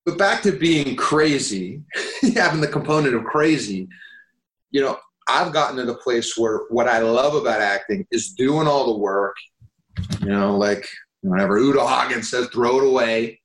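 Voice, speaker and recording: A man's voice: mid-range voice, moderate pace, a bit bright. Candid actor man in an echoey room. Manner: rambling, profane, self-deprecating. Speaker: actor guest. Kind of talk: candid casual conversation.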